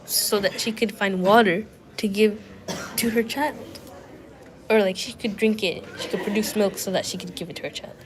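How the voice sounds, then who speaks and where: A young woman livestreaming from a university building, her voice nasal and clogged from a cold, with the odd cough. She talks at an easy mid pitch, wandering from thought to thought with plenty of fillers, like she is chatting with friends while she studies. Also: steady tone, moderate pace, noisy background. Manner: rambling, filler-heavy, thinking aloud. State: sick, nasal and congested with a cough. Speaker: study livestreamer. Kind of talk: casual chat to a live stream.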